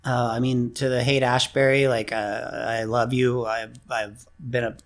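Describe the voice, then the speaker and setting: A middle-aged man, a guest co-owning a music venue, talking in a relaxed, halting way with many fillers, lively when telling stories. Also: mid-range voice. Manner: relaxed, halting, full of fillers, animated in anecdotes. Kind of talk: casual interview chat. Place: room by an open window on a busy street.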